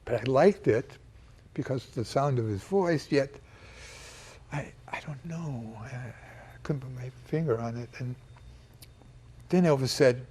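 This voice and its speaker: Man, husky voice, emotional storyteller with halting restarts, average pitch. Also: a little mellow. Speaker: interviewee recounting a personal memory. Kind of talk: personal storytelling.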